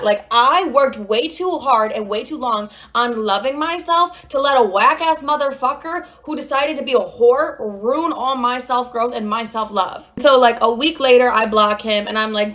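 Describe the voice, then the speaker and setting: A woman's voice: fairly high pitch, normal speed. A young woman casually telling a story about her ex, brash and full of swearing. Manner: brash, profane, animated retelling.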